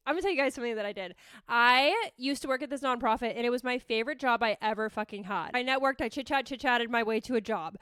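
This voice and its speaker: A woman's voice: fairly high pitch, quick pace, a bit bright, smooth, no echo. A young woman hosting her own podcast, chatting casually and bubbly, swearing freely and rambling through restarts on a close microphone. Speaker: podcast host. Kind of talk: casual solo podcast chat. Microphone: close podcast mic.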